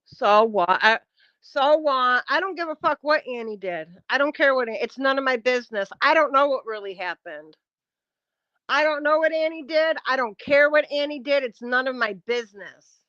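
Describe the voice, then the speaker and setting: High sharp-voiced New woman ranting. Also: lively intonation, moderate pace, dry recording, dull audio. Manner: confrontational, blunt, swears often. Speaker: live streamer. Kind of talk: heated live-stream rant.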